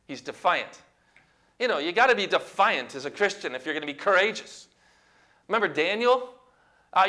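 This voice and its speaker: Speaking at normal speed with an animated delivery, a male preacher with a high, bright, forceful voice pushes his sermon up to loud exclamations. He gets the congregation to echo words back to him.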